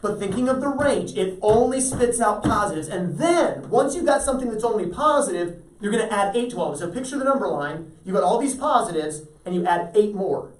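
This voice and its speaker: A man's voice: high voice, expressive, brisk, hardly any pauses. Male teacher lecturing in an echoey classroom. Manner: asks the class frequent check-in questions. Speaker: math teacher. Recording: roomy echo, voice from far off.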